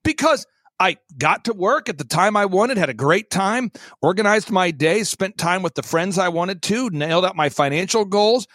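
High-voiced animated man telling stories. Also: moderate pace, dry recording. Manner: energetic, emphatic, jumps between high exclamations and low mocking impressions. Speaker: podcast host. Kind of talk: animated storytelling chat.

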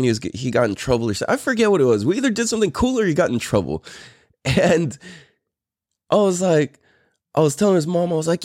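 Man, 30s, from California, podcast host, casual storytelling, profane, lively pitch, dry recording. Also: no echo. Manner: loose and profane, rambling with restarts, laughs often.

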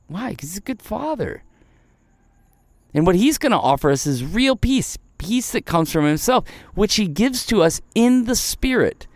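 A man's voice: a little high, lively intonation, normal speed, gravelly, dry recording. A man giving a devotional sermon as a pastor, earnest and conversational, full of "like" and asides. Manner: earnest and conversational, peppered with "like", voicing Jesus in asides.

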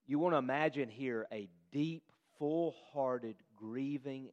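A man's voice: mid-range voice, takes it slowly, few pauses, darkish tone, muffled recording. Earnest preacher, man, hall reverb. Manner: earnest, searching questions to the listeners. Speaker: pastor. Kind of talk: sermon.

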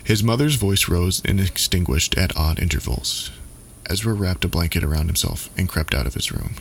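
A man narrating a dark story in a measured, steady way. His voice is very deep. He reads each line evenly. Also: creaky, a little hiss or hum.

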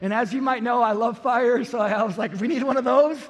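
Man, 30s, pastor, sermon, high voice, animated storytelling, loud to hushed, long hall reverb. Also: a little fast. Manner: animated, acts out quotes, swings from loud to hushed. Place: church auditorium.

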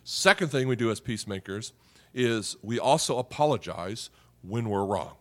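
A middle-aged man preaching a sermon as a pastor, talking conversationally, often tagging points with "okay?" and "right?", and going soft and quiet on serious points. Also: fairly low pitch, expressive, moderate pace. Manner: drops softly on serious points.

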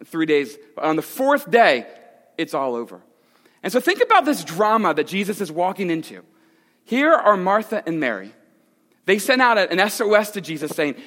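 Male pastor, high voice, conversational sermon with dramatic loud-soft swings, echoey church hall.

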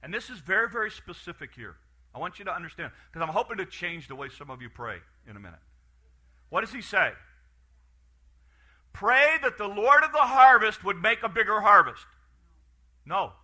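A man preaching a sermon, animated and storytelling, with frequent restarts and acted-out farm scenes. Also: high voice, moderate pace, pauses often.

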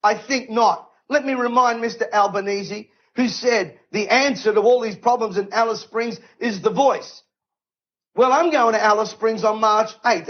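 A man's voice: extremely high pitch, muffled recording. A man preaching an impassioned sermon, emphatic and fiery, firing off repeated rhetorical questions. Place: event stage.

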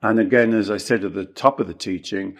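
A man coaching and teaching in conversation, emphatic and lively, who often acts out what clients say. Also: lowish voice, fairly quick. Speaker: coach explaining his self-inquiry technique.

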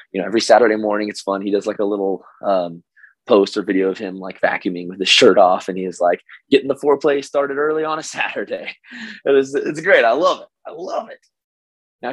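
A hoarse man from Oklahoma hosting a casual solo podcast as a coach, energetic and stammering on repeated words. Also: on the low side, dry recording, rough recording. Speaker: podcast host and business coach.

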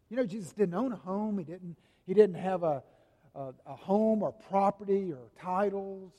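High-voiced preacher in a reverberant hall. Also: male voice. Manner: dramatic, swings from booming to hushed. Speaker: pastor. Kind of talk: sermon.

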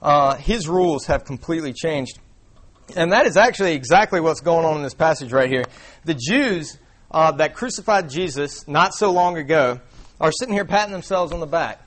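A young man preaches in a church, talking loosely and conversationally. His voice sits a little high for a man. He fills his sentences with easy fillers and restarts. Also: lively intonation, normal speed, a bit bright. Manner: casual, conversational, many fillers. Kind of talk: sermon. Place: church before a congregation.

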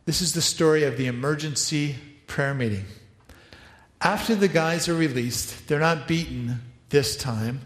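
A man preaching a sermon, animated, acting out quoted voices and making asides to helpers. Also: fairly high pitch. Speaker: pastor. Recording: echoey hall, reverberant.

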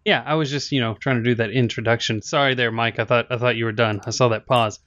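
Male co-host, quick talker, dry dull recording. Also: mid-range voice, steady tone, fairly bright tone, no echo. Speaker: podcast co-host. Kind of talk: casual podcast chat.

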